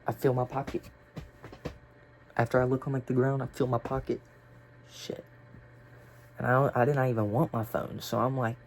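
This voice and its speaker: A man's voice: medium pitch, level tone, moderate pace, pauses often. A young man telling a story casually, rambling and swearing with lots of fillers. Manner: rambling, profane, filler-heavy.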